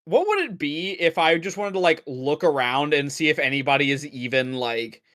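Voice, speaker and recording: Smooth-voiced tabletop player. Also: mid-range voice, animated, normal speed, fairly bright tone. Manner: rambling, restarts often. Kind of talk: tabletop game chat.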